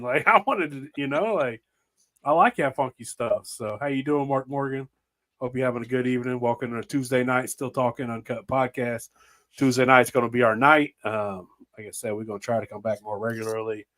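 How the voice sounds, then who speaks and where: A man's voice: mid-range voice, a little fast, fairly bright tone. Laid-back man telling stories. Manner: laid-back, rambling storyteller, laughs often. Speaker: podcast host. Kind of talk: casual chat.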